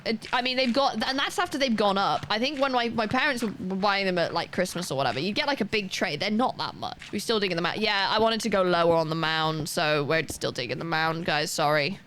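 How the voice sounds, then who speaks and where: A woman's voice: mid-range voice, lively intonation, a little fast, few pauses, a bit bright, slight background noise. A woman from Wales with a neutral British accent, chatting casually and rambling while streaming a game. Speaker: live streamer. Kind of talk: casual chat while gaming.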